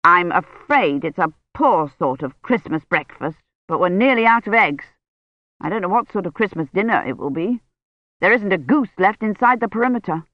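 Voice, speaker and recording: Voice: medium pitch, lively intonation, normal speed, dry recording, dull audio, close to an everyday voice. A narrator voicing an anxious, fussy male college servant who speaks fretfully and deferentially, in an audiobook.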